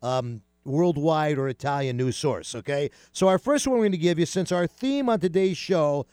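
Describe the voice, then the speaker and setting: A man hosting a casual radio talk show, chatty and animated, with many fillers and restarts. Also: on the high side, normal speed, clean tone, no echo, studio quality.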